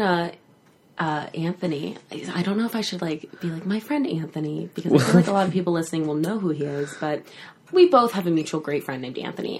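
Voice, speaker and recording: A woman in her twenties, a podcast guest, telling a rambling story in casual chat, full of "like" and quick laughs. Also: on the low side, darkish tone. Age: 20s.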